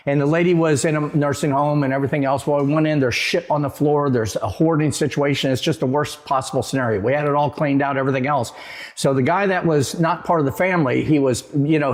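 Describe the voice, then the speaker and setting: A man, a real estate agent and guest, telling stories in a rambling way with halting restarts, from Florida. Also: mid-range voice. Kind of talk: casual storytelling.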